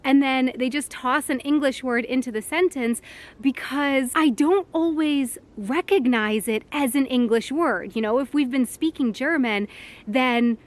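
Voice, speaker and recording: Young woman vlogging outside on a handheld cam, high voice, chatty, laughs a lot. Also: unhurried. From United States. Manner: chatty, laughs often, self-conscious. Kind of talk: casual vlog talk to camera. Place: outdoors in public. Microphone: handheld camera.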